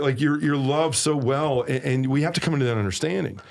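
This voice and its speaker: A man with a Southern US accent speaks earnestly, with a preacher's emphasis. His voice sits at an ordinary middle pitch as he shares his testimony as a podcast guest. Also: fairly quick, creaky. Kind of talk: personal testimony in a podcast conversation.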